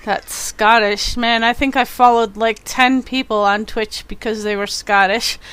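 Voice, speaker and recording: Slow-talking, smooth-voiced woman streamer. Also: a little high, fairly even intonation, a bit bright, no room sound. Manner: chatty, giggly, reacts to chat. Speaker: game streamer. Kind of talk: casual chat with live viewers.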